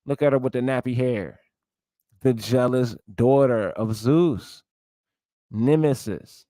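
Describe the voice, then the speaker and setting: Man giving a casual lecture to his viewers, mid-pitched, dry sound. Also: slow, mellow, no room sound. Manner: lecturing, searches aloud, addresses viewers as y'all. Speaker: commentator. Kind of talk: casual commentary while browsing sources.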